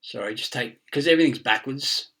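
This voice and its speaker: Brief: middle-aged man, bright edgy tone, swearing, laughing, riffing on word origins, sitting back from the mic. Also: mid-range voice, fairly quick, recorded from a distance. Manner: profane, laughing, chasing wordplay and word origins. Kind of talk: rambling monologue.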